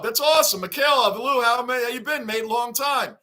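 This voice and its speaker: Very high-pitched, pushed and bright, a man's voice moves briskly with few pauses as he hosts a loose sports livestream. He reads fan chat, names viewers as he greets them and repeats himself.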